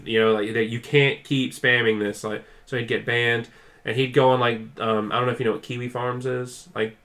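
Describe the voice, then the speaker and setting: A man's voice: medium pitch, little pitch movement, a little fast, a bit bright. A man co-hosting a podcast, telling a long story in casual chat, full of "like" fillers and acted-out quotes. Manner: rambling storyteller, heavy use of "like"; acts out quoted people with raised intensity. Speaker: podcast co-host.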